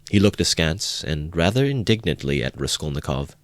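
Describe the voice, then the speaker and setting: A man narrating a classic novel in a measured amateur audiobook reading. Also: extremely low pitch, big pitch swings, no echo.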